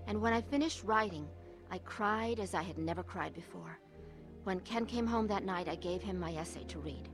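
A woman's voice: on the low side, normal speed, music in the background, lightly acted. A woman playing an earnest, troubled wife. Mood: reflective. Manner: earnest, confessional. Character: troubled middle-aged wife looking back. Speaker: narrator and lead. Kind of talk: radio drama testimony narration.

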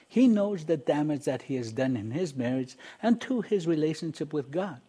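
A man hosting and narrating in a measured, reflective scripted style, inviting listeners to call. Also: mid-range voice, warm tone, slightly rough. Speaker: program host and narrator.

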